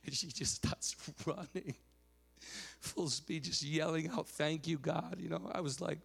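A man preaching a sermon, telling stories animatedly, dropping to a hush and rising loud again, with many restarts. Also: a little high, a little slow, vocal fry, breathy edge.

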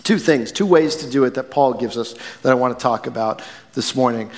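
A male pastor from the northern United States preaching a sermon in a church, swinging from quiet, measured phrases to loud, emphatic ones. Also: medium pitch. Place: church sanctuary. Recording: long hall reverb.

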